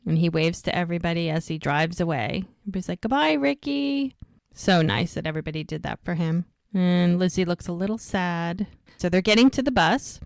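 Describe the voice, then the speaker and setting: A woman's voice: fairly low pitch, fairly quick, a little mellow, no room sound. A woman co-hosting a podcast, chattily retelling an episode scene by scene with frequent fillers. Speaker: podcast co-host. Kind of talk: casual episode recap.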